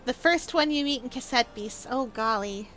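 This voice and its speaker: A woman's voice: fairly high pitch, normal speed, a bit bright, soft background music. A woman streamer chatting playfully and bubbly on a casual live stream.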